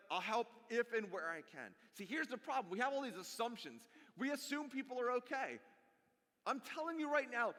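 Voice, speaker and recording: A man in his forties preaches to his congregation in a bright, high voice that swings widely up and down. He is animated and jokey and speaks straight to the people in front of him, and his words ring out with a long reverb from a church hall. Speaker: pastor. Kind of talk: sermon. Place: church sanctuary.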